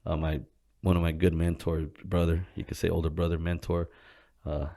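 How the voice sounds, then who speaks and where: Low-voiced man telling a story, swearing freely. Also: level tone, normal speed, creaky, mellow. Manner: swears constantly, acts out quoted people with a raised voice; laughs while telling, drops to a low murmur when reflective. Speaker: gym co-owner telling his story. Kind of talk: casual storytelling interview.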